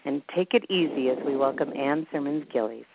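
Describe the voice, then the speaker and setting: Low-voiced woman host on a phone line. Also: gravelly, background noise. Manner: gushing, warm praise in slow measured phrases. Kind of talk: phone interview.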